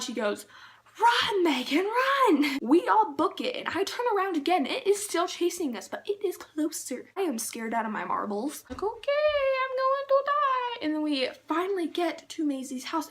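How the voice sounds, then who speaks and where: A young woman talks straight to her camera in a casual storytime vlog. Her voice sits a little high, and she rambles excitably through the tale with plenty of fillers. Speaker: vlogger.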